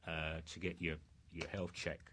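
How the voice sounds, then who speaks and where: Speaking at a normal speed with a level tone, this older British man has an extremely low yet fairly bright voice. He tells meandering anecdotes in a relaxed chat, stumbling through restarts and filler words.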